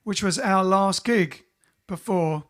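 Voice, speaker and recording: Speaking slowly in a high-pitched voice, a man hosts a casual livestream from home during lockdown. The bandleader reads out his viewers' greetings one at a time, keeping it chatty.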